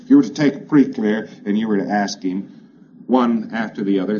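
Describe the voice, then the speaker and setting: A man giving a plainspoken, emphatic lecture to a congress, repeating phrases that trail off quieter each time. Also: lowish voice, moderate pace. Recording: dull, hissy old lecture recording.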